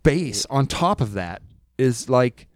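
Animated, profane man ranting in the studio. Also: medium pitch, slow, no echo. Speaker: guest musician, bass player. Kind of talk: casual podcast chat. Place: recording studio.

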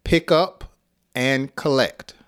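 An American man teaching an English lesson, speaking slowly and deliberately with light chuckles. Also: medium pitch, a bit bright. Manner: slow, deliberate and clearly spoken, with light chuckles.

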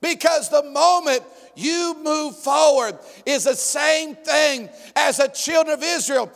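A male pastor preaching an emphatic sermon, often shouting and calling on the congregation to respond. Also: extremely high pitch, takes it slowly, creaky, big-room sound.

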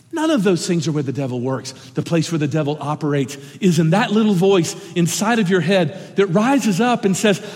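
Man preaching in a reverberant hall. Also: high-pitched. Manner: earnest, impassioned preaching with sudden drops to a hush. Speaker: pastor. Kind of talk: sermon. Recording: long reverb of a large hall.

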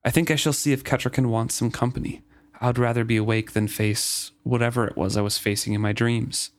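A man's voice: medium pitch, flat delivery, brisk, close to an everyday voice. A man reading aloud the words of a shaken, weary male fool from a book, in his own plain voice. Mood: fearful.

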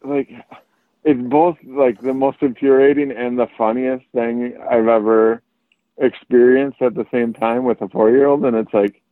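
A man's voice: mid-range voice, normal speed, dry recording. A man, chatting casually on a podcast. He tells stories animatedly, acting out every quote. His voice comes through a tinny, phone-like line that sounds dry. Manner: animated storyteller, acts out quotes. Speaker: podcast guest.

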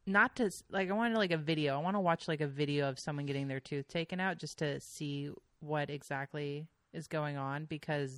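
Low-voiced woman telling rambling stories. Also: brisk, few pauses, no echo. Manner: chatty storyteller with frequent fillers and swearing. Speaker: podcast guest. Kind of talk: casual chat.

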